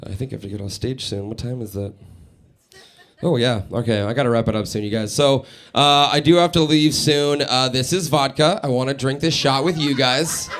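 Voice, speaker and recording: A man doing a stand-up set in a radio station's live studio, animated and laughing at his own jokes. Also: mid-range voice, moderate pace. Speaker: stand-up comedian.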